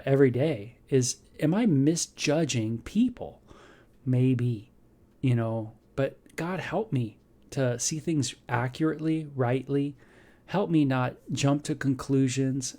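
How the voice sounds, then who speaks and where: A man hosting a casual devotional, talking through a Bible passage in a rambling, conversational way with lots of fillers and sudden animated bursts. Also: mid-range voice. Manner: bursts into animated quoted voices. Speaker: devotional host.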